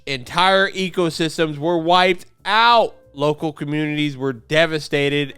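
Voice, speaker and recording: A man's voice: a little high, sharp tone, smooth, no room sound. A young man hosting a video, reading a script aloud and breaking off for sarcastic jokes and chats with his dog. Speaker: YouTube host. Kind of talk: reading a script with joking asides.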